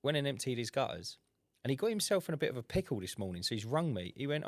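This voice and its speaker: A man, co-hosting a casual podcast and telling animated stories, acting out customer dialogue. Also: medium pitch, fast, no room sound. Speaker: podcast co-host, window cleaner. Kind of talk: casual chat.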